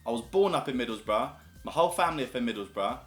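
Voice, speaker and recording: A man's voice: mid-range voice, lively intonation, fast. A man with a southern English accent chatting casually to camera, upbeat and storytelling. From southern England. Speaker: YouTuber. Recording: echoey room with faint music.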